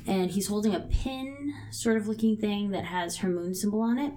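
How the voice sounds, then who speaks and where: A woman co-hosting a podcast, recapping a drama episode in a steady way with dry asides. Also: mid-range voice, normal speed. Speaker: podcast co-host.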